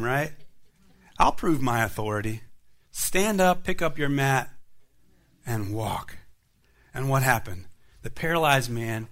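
A male pastor preaching a sermon, retelling miracle stories with lively emphasis and rhetorical questions to his listeners. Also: fairly high pitch. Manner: animated storytelling preacher, rhetorical questions to the congregation.

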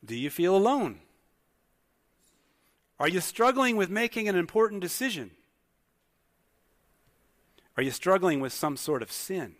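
A man's voice: high-pitched, sing-song, a little slow, long pauses. A male pastor preaching a sermon in a conversational way, putting many questions to the congregation. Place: church hall with congregation. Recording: long hall reverb.

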